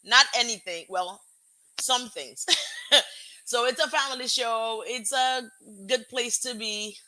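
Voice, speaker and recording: A woman hosting her own live-streamed show in casual chat, bubbly and excitable, greeting viewers one by one from home. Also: on the high side, takes it slowly. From Africa. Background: music playing.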